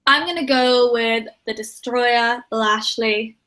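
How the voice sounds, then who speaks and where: A woman's voice: a little high, slow, pushed and bright, low-quality recording. A woman who is a guest on a podcast, chatting casually and easily over a video call.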